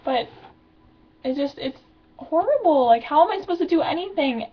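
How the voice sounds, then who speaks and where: A woman's voice: sits high, animated, normal speed, highs cut off. A stressed teenage girl, venting in a rambling video diary, full of filler words. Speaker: vlogger.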